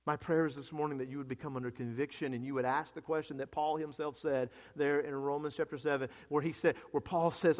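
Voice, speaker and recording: A man preaching a sermon as pastor, swinging between hushed, quiet passages and loud, impassioned ones. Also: mid-range voice, steady tone, brisk, few pauses. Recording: long hall reverb.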